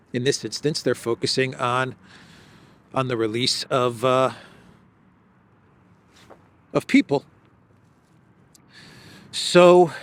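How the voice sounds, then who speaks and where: A man hosting a solo news commentary show, talking haltingly with many restarts and fillers, leaning hard on key phrases. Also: mid-range voice, fairly bright tone. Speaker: political commentary host.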